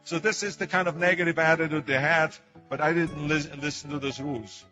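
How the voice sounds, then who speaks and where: A man's voice: on the high side, fairly even intonation, brisk, muffled recording, music in the background. An older man with an Austrian German accent, whose first language is German, giving an emphatic motivational speech full of stories. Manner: storytelling, emphatic, with acted quotes. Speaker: public speaker.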